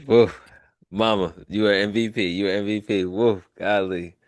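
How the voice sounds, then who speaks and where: Male podcast host, lowish voice, easygoing and encouraging. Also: fairly even intonation, normal speed, dry recording. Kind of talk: casual interview.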